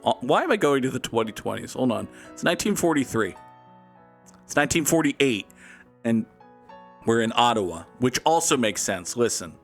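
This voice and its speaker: A man streams a game and chats casually, with a playful, joking manner and a mid-pitched voice. He talks to his viewers as he plays. Soft music runs faintly underneath. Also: sing-song, moderate pace. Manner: playful, jokey, reads and answers chat. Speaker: streamer and host. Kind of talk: casual live-stream chat while playing a game.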